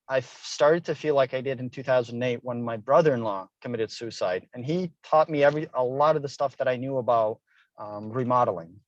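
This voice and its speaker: Earnest middle-aged male guest, storytelling, medium pitch, dry muffled recording. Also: no room sound. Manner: earnest, personal, acts out quoted dialogue. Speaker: guest author. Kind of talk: interview storytelling. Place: Hilo, Hawaii.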